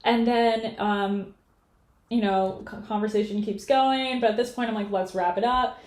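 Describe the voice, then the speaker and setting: A woman's voice: medium pitch, moderate pace. Woman in her late twenties, storytelling. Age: late 20s. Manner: animated storytelling, acting out both sides of a conversation. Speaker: podcast co-host. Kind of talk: casual chat. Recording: echoey room.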